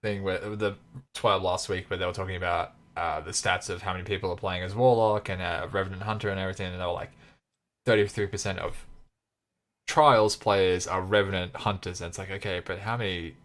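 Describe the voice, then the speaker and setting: Dude with a really deep voice, breaking down game numbers, dry jokes. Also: male voice, fairly even intonation, brisk, fairly bright tone. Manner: explains game stats plainly, with dry asides. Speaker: podcast co-host. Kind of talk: casual chat.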